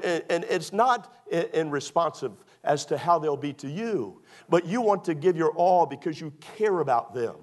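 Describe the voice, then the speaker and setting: A man's voice: on the high side, darkish tone. A middle-aged man preaching a sermon to his church, restarting his sentences and repeating emphatic phrases. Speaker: pastor. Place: church sanctuary.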